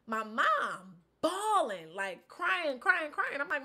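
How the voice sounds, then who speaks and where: Young woman vlogger, high and bright, animated casual storyteller with slangy outbursts. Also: slow pace. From Inglewood, California. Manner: animated and expressive, slangy, switches between loud outbursts and low asides. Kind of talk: casual life-update storytelling.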